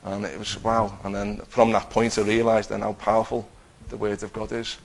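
Guy telling his testimony, low flat voice with lots of gravel, keeps acting out what people said. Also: moderate pace, poor audio. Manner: conversational, acts out his own quotes, many restarts. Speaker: person giving a faith testimony. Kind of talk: personal testimony storytelling.

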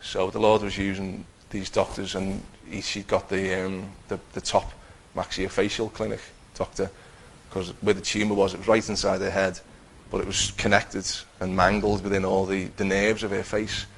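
A middle-aged man telling his personal Christian testimony in an earnest, halting way, with many restarts. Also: deep voice, level tone, vocal fry, slight background noise, poor audio. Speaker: Christian teacher giving testimony.

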